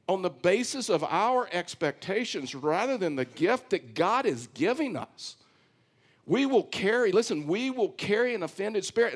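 Man, pastor, sermon, slightly high voice, emphatic, repeats phrases, scripture reading with commentary. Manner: emphatic preaching, repeats phrases, often says "listen"; reads scripture aloud, then comments on it.

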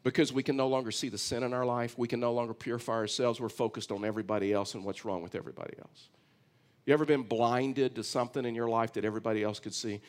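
A man from Texas with a Texan accent, preaching a conversational, storytelling sermon as pastor. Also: medium pitch.

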